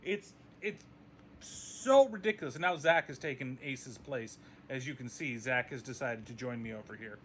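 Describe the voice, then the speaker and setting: A man's voice: mid-range voice, moderate pace, slight background noise. A man reviewing a movie in a casual video, ranting with exasperation and frequent swearing.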